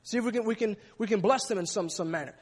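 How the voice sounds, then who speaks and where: High-voiced preacher in an echoing hall. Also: male voice, fast talker, slightly rough. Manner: emphatic, repeats words while speaking. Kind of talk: sermon.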